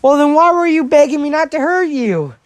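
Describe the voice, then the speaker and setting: A man's voice: fairly high pitch, fairly quick, clean tone, dry recording, lightly acted. A man voicing a playful teenage boy hero who teases and jokes casually. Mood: teasing. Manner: teasing and casual.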